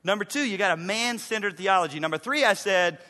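A male pastor preaching with a high, bright and forceful voice, swinging between ringing emphasis and near-whispered asides. His words trail off into the long reverb of a big church sanctuary. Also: animated, a little fast. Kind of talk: sermon.

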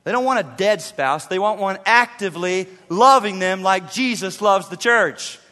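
High bright-voiced preacher guy, punchy sermon, big hall reverb. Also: expressive, normal speed. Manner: emphatic, swings between soft and loud. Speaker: pastor.

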